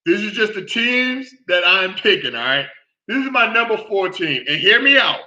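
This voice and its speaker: A man hosting a casual sports talk show, with a high, very bright voice. He talks in an animated way, repeats himself and keeps checking in with the listener. The recording sounds dull and lo-fi. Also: normal speed.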